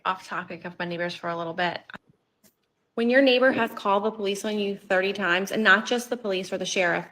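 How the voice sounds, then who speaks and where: A woman vlogger chats to camera in a relaxed, rambling way. Her voice sits at an ordinary middle pitch, and she keeps turning to her viewers with questions. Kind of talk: casual talk to camera.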